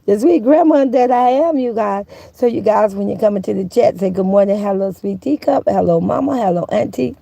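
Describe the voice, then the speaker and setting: Gravelly-voiced woman hosting a chatty live stream. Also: medium pitch, normal speed, hardly any pauses, warm tone, no echo. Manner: folksy, chatty, addresses viewers directly. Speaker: YouTube commentary host. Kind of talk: live-stream chat talk.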